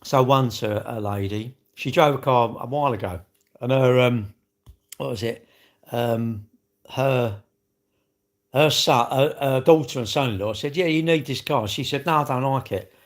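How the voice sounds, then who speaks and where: A man's voice: mid-range voice, a little slow. Rambling, jokey man on a livestream. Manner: rambling, jokey and self-mocking, with asides to viewers. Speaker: livestream host. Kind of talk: casual live-stream chat.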